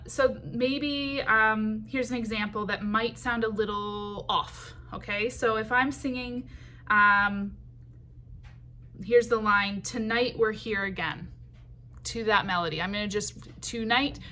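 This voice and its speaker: A woman teaching songwriting in a patient, unhurried way, with many ums and short sung phrases. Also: medium pitch, steady tone, bright, forceful tone, a little hiss or hum.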